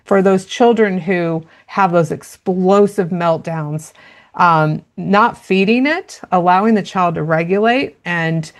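A woman with a lowish, gravelly voice talks through parenting in an earnest, explanatory way. She speaks as an interview guest, warm in content but practical, and slips into short quoted lines of dialogue to make her points. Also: slow pace. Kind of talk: conversational interview.

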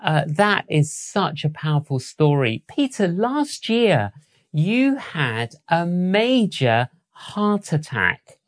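Woman interviewer, very low voice, unhurried, affirming. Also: sing-song.

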